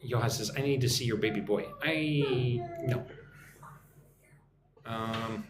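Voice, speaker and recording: An American man teaching English in a live online lesson, repeating example phrases slowly and clearly for learners. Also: medium pitch, reverberant, noisy background. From United States. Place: at home.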